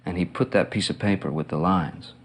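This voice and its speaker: A middle-aged man in an interview, reminiscing in a relaxed, rambling way with lots of fillers and chuckles. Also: low-pitched, fairly quick. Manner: relaxed, rambling, full of "you know"s and laughs.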